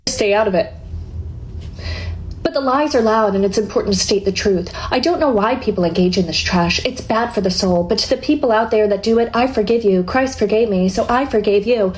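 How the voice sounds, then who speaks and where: A woman reading her prepared statement to camera in a measured, firm way. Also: mid-range voice. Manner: measured, firm, then heated.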